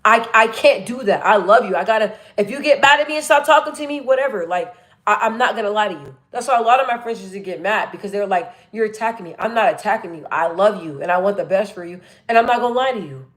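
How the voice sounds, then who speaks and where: A woman live-streaming, reading chat comments and talking bluntly and energetically, with a naturally deep voice she lifts a little. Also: fast. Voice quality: naturally deep voice, pitched up a bit. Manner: chatty, blunt and energetic, full of fillers and restarts.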